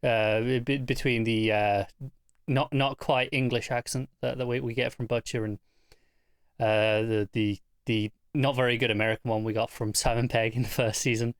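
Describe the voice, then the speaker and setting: A man co-hosting a casual TV review podcast, thoughtful and measured with a dry teasing streak. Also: mid-range voice, fairly even intonation, smooth, dry recording. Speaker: podcast co-host.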